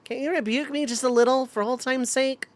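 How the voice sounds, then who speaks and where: A woman's voice: high voice, steady tone, fairly quick, pitched above the performer's own voice, natural voice. A woman voicing a cheerful, earnest young woman returning home in a video game, reading the dialogue aloud.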